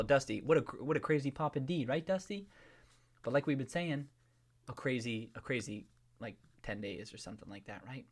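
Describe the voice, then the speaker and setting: Playful man hosting a casual live stream. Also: mid-range voice. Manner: playful and joking, greeting chat viewers by name; loose rambling with restarts when explaining.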